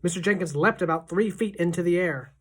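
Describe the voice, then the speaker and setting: A woman teacher reading a children's novel aloud in a steady, expressive narration. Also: lowish voice, fairly quick, husky.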